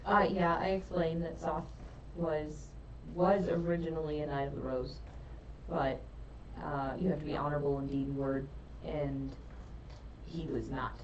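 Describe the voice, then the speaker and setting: A woman's voice: sits low, steady tone, normal speed, pauses often, darkish tone, a little hiss or hum. A woman playing a tabletop game, speaking casually and in a chatty way. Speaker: player. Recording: echoey room, far from mic, dull.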